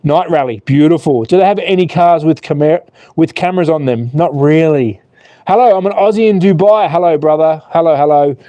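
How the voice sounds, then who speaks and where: Upbeat jokey man, higher mellow voice. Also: a little fast, no echo, lo-fi sound. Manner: jokey, excitable, reads chat aloud. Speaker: slot car channel host. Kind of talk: live-stream commentary. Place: outdoors.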